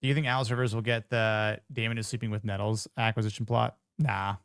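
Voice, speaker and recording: A man's voice: lowish voice, little pitch movement, fast talker, fairly bright tone, smooth, no room sound, studio quality. A man giving casual reaction commentary on a TV episode, blunt, profane and joking. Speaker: show reviewer.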